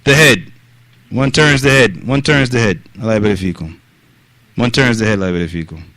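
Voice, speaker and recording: A man teaching a mosque lesson, mixing Arabic phrases into his English, pausing on fillers like yani, and directly questioning the people listening. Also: fairly low pitch, a bit bright, dry recording. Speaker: religious teacher.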